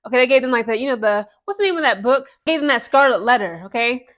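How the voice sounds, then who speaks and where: A woman's voice: a little high, fast talker. Chatty young woman vlogging about sports. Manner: chatty, animated, frequent "okay?" and "guys" asides. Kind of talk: casual vlog commentary.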